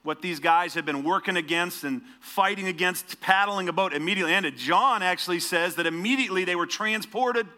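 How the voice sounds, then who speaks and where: A man delivers a sermon with a bright, forceful tone and a slightly higher voice than most men. He speaks conversationally, often asking the listeners direct questions. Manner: conversational preaching with rhetorical questions. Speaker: pastor.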